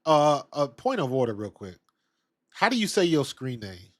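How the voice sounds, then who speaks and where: A man's voice: medium pitch, big pitch swings, moderate pace, dry recording, studio quality. A man hosting a casual live-stream about football, chatting loosely and answering viewers' comments from the chat. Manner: laid-back, conversational, reads and answers chat. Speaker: sports talk show host.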